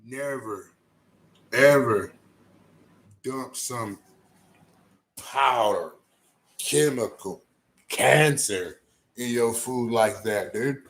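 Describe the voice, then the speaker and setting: Man, livestreamer, slow, crude, trash-talking, rambling banter. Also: medium pitch, fairly bright tone. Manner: trash-talking, crude, talks back to chat; sings off-key bursts of a ballad.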